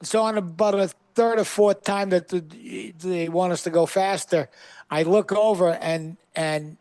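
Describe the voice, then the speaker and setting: A comedian telling a story with punchy comic timing, acting out the lines of the people in it. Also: male voice, high voice, fairly even intonation, measured pace, darkish tone, no echo. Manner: punchy comic delivery with acted-out quotes. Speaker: guest comedian. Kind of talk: animated storytelling. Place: studio.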